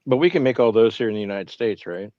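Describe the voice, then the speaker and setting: A man chats on a livestream with a bouncy, up-and-down voice, sarcastic and quick to joke, with casual swearing. His mic sounds dull and lo-fi, with a dry, close sound and no room echo. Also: lowish voice, expressive. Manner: sarcastic, jokey, swears freely. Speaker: co-host on a livestream.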